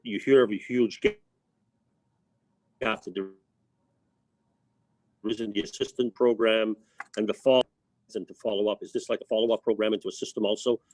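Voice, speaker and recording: Low-voiced man asking a halting question. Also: steady tone, a little mellow, dry recording, rough recording. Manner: halting, searching for words. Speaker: councillor.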